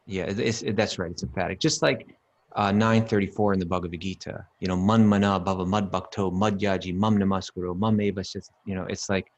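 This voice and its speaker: A man's voice: deep voice, fairly even intonation, a little fast, highs cut off. A man casually explaining scripture verses, emphatic, often repeating himself and chanting Sanskrit lines. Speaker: podcast co-host teaching scripture. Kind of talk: casual teaching talk.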